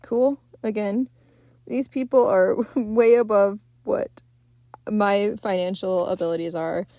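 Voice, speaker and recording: A young woman talks through a film on her podcast at a mid pitch. She rambles loosely with fillers and casual swearing. Her voice sits close and dry with no room sound. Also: steady tone, slow, warm tone, no room sound. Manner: rambling, many fillers, swears freely, frequent laughs. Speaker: podcast host.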